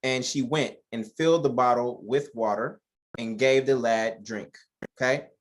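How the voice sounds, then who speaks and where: A man's voice: medium pitch, a little slow, a little hiss or hum. A man leading an informal Bible study who reads verses aloud and comments on them in a joking, conversational way, addressing listeners as y'all.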